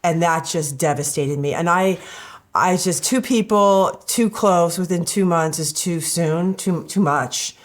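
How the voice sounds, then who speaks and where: A woman who is a reality show contestant, telling animated and emotional personal stories in a candid interview. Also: on the low side, measured pace.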